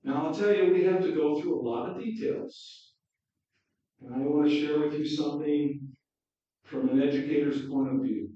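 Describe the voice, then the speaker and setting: A male pastor preaching a sermon and reading a story aloud, slow and deliberate, recorded from afar in an echoey hall. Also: fairly high pitch, warm tone. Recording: dull echoey hall from far off.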